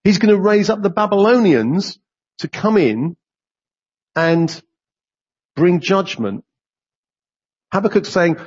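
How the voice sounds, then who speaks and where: A man preaching a sermon, animated and rising sharply in pitch whenever he voices complaints to God. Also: slow pace, long pauses, slightly rough, lo-fi sound.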